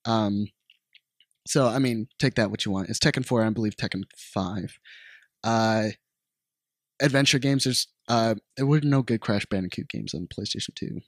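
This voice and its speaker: Studio-quality audio with no room sound captures a man co-hosting a podcast at a moderate pace. His voice sits on the low side as he chats casually, relaxed, laughing a lot and cursing without restraint.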